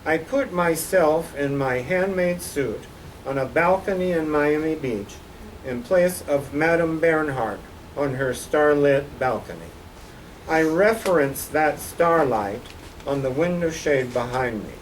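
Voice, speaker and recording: Speaking unhurriedly in a slightly high, expressive voice, an older man presents his posters through slides to a college audience, with a wry, dry wit. The mic sits at a distance, and faint background noise is audible.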